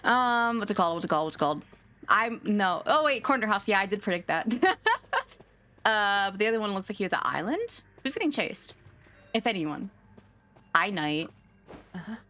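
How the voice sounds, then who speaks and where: A chatty, giggly woman chats through a live game stream, her voice bouncing all over with lively pitch at a middling height. She talks casually and jumps easily at scares. Faint game music plays behind her. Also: normal speed, long pauses. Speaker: VTuber streamer.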